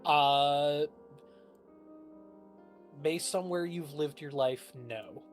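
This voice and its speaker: A woman running a tabletop game as game master, narrating in a relaxed, unhurried way. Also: low-pitched, faint music behind.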